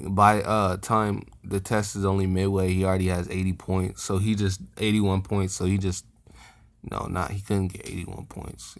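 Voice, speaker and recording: A young man casually retelling a fan story, rambling with many fillers and self-corrections. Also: sits low.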